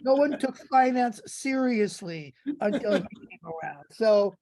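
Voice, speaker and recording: A man's voice: high voice, lively intonation, a little slow, darkish tone. Guy hosting an online panel, wry little comments, video call. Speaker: host.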